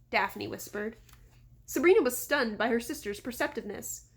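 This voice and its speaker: Brief: relaxed woman narrator, fairly high voice, home read-aloud. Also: normal speed, husky. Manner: relaxed, with small slips and asides. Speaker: audiobook reader. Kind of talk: casual storybook read-aloud.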